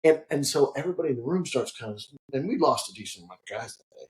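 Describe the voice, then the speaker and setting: A man, a distillery guest, telling a long, animated and profane anecdote in casual conversation. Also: medium pitch, very fast, rough recording. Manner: animated, profane, frequent restarts. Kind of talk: casual storytelling.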